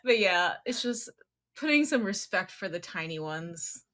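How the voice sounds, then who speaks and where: A woman co-host on a podcast with a bright, slightly high voice. Her pitch moves all over as she chats, playful and agreeable. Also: big pitch swings, unhurried. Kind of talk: casual podcast chat reviewing a TV series.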